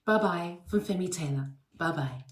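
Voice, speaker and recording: A woman's voice: lowish voice, normal speed. English woman, chatty anecdotes full of restarts, roomy sound. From England. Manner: warm chatty storytelling with many fillers and restarts. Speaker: guest sending a recorded message. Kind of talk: casual recorded anecdote.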